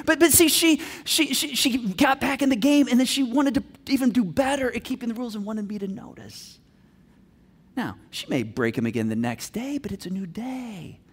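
A middle-aged male pastor delivers a sermon in a notably high voice. He tells stories in an animated way, acting out voices of himself and his family, and swings between loud and soft. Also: husky.

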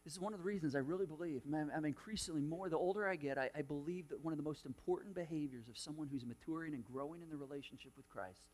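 High-voiced storytelling male pastor. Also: quick pace, few pauses. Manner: storytelling, animated, many restarts and quoted dialogue. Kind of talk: sermon.

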